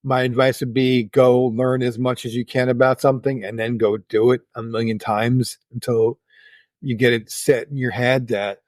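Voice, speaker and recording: A man's voice: medium pitch, level tone, normal speed, no room sound. A man co-hosting a podcast, talking casually and reflectively, now and then repeating himself. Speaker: podcast co-host. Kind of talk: casual chat.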